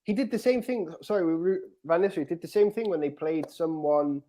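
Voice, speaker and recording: Bloke on a footy podcast, laughs a lot, voice sits a bit high. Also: male voice, fairly quick. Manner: laughs often, animated storytelling. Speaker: podcast co-host. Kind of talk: casual football chat.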